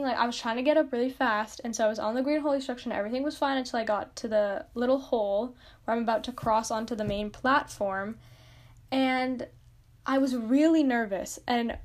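A young woman hosting a podcast, telling a story in casual chat, self-mocking and full of "like". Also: fairly high pitch. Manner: chatty, lots of "like", self-mocking. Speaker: podcast host.

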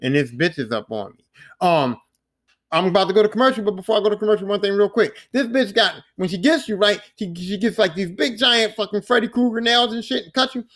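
A man hosting a podcast, recapping a video game in a casual, animated way, full of swearing and sound effects like bang and pop. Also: high-pitched, fast talker. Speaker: podcast host.

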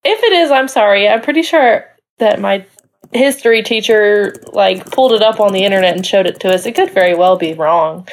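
A woman's voice: medium pitch, fairly quick. A young American woman co-hosting a podcast, chatting casually with rambling, apologetic asides. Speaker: podcast co-host.

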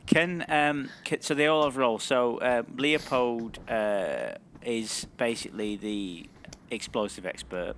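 Playful British man, halting. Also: medium pitch, a bit bright, a little hiss or hum. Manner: playful, halting, full of "kind of" and "like". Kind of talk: casual comedic chat.

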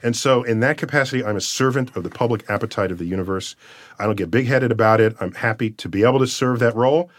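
A man's voice: medium pitch, quick pace, no room sound. A man, a guest scientist, chatting casually in an interview and telling stories with lots of animation and laughter. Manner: animated, storytelling, laughs often. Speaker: guest astrophysicist.

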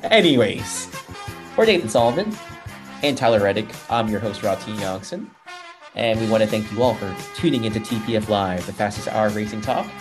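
A man's voice: on the low side, lively intonation, fairly quick, music in the background. A man in his thirties hosting a racing talk podcast, upbeat and rambling, often addressing listeners as folks. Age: 30s. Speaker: podcast host. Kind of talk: casual show wrap-up chat.

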